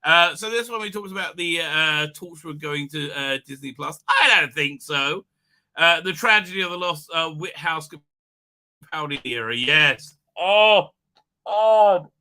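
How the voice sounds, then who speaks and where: Hoarse, bright-voiced man rambling. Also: on the high side, lively intonation, a little slow. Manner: rambling, many restarts and fillers. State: hoarse from illness. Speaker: livestream host. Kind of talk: casual livestream commentary.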